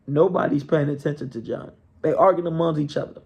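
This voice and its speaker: A man's voice: a little high, steady tone, a little fast, gravelly, darkish tone, husky. A man telling a story in a casual, conversational way, checking in with his listeners as he goes.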